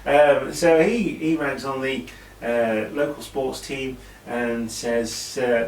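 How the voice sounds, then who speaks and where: A man's voice: medium pitch, fairly even intonation, slow pace. A British man casually recapping an old wrestling event, rambling with asides and fillers. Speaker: wrestling show reviewer. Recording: echoey room, mic at a distance, faint hiss.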